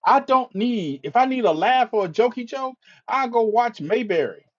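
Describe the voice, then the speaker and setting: This live-stream host is a man with a very high, expressive voice who speaks at a moderate pace over dull audio. Exasperated and impassioned, he swears, stammers and keeps repeating himself.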